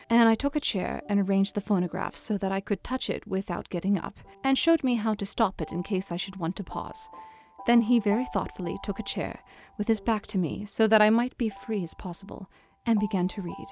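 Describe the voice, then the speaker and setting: An actress playing an earnest, devoted young Victorian wife in a dramatized reading of a classic novel, speaking in a soft, formal way. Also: female voice, mid-range voice, lightly acted.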